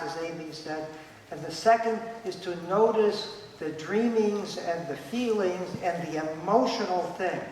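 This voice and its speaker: A man's voice: high-pitched, slight background noise. A man giving an emphatic talk at a conference, repeating his key points and acting out the voices of people he quotes. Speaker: conference speaker. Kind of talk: lecture at a conference. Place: conference hall. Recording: echoey hall, voice picked up from a distance.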